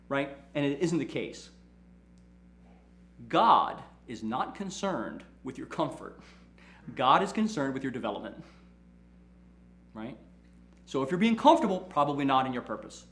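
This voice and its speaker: A man, a lawyer, giving a casual motivational talk and telling animated stories, often checking in with "right?". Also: medium pitch, moderate pace, long pauses, reverberant. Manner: animated storytelling, repeats "right?", acts out quotes. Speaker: lawyer and firm owner hosting a talk.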